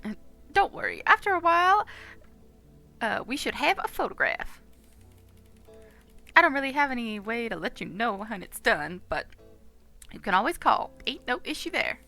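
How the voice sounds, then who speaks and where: A woman's voice: on the high side, very animated, moderate pace, long pauses, pushed and bright, faint music behind, pitched above the performer's own voice, heavily acted. A woman voicing an eager, cheerful goose police officer who honks between lines. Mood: chipper. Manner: chipper and honking.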